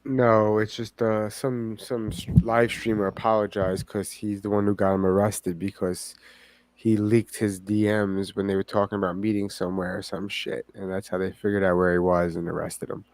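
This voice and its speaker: A man in his thirties with a fairly low voice, co-hosting a podcast in relaxed, offhand chat. He drops in quick questions. The recording is close and dry, with no room sound. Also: no room sound. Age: 30s. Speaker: podcast co-host. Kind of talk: casual chat.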